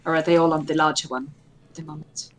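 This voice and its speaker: A woman's voice: deep voice, level tone, fast, slight background noise. A woman playing her character in a tabletop game, talking casually and playfully and swearing freely. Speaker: player.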